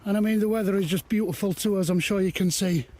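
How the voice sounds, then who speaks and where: Fast and high-voiced yet dark in tone, a man narrates casually to camera as he walks hilly forest trails. The vlogger rambles, marvels easily, and is occasionally a little short of breath.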